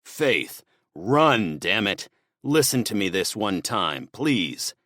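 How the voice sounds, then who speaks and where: A man voicing a wounded older male general, gruff and commanding. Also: fairly low pitch, big pitch swings, slow, pushed and bright, dry recording, clean studio sound, exaggerated voice. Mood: urgent.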